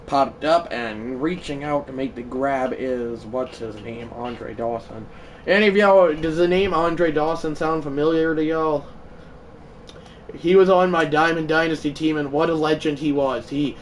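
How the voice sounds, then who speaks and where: A man streaming a baseball video game live, chatting loosely and bursting into shouted play-by-play calls. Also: fairly high pitch, measured pace, far from the mic, a little hiss or hum, low-quality recording. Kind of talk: live gaming stream commentary.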